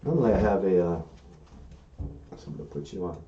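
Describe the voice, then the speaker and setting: A man's voice: deep voice, lively intonation, a little fast, mellow. A man hosting a casual live stream as a puppeteer, talking in a loose, rambling, self-deprecating way. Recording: echoey room, dull lo-fi sound.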